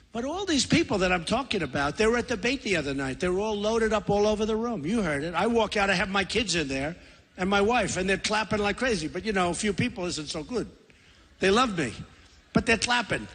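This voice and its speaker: A man's voice: very high voice, bright, forceful tone, husky. A man in his sixties giving a boastful, rambling, repetitive campaign rally speech in a large convention center. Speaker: political candidate. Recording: long hall reverb.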